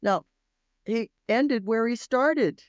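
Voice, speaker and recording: A woman's voice: on the high side, slow pace, no echo, clean studio sound. A woman in her sixties, a parenting expert guest telling stories in an interview, acting out the voices she quotes. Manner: animated storyteller who acts out quoted voices. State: tearful at moments. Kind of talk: storytelling interview chat.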